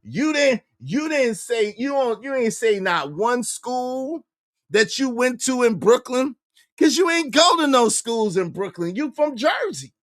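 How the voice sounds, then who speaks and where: A man hosting a livestream podcast, ranting in a repetitive, animated way and calling out his critics. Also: extremely high pitch, a little slow, no echo, clean studio sound. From New York. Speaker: podcast host.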